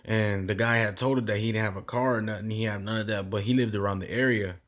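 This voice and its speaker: A man's voice: on the low side, fairly even intonation, fast talker, a bit bright. A young man telling a story in a casual vlog, with loose slang and rambling restarts.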